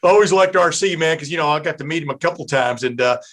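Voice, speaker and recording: A man's voice: a little high, fast, a bit bright. A man from East Texas hosting a podcast, chatting loosely with asides and fillers as he sets up his guest's stories. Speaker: podcast host. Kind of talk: casual podcast interview.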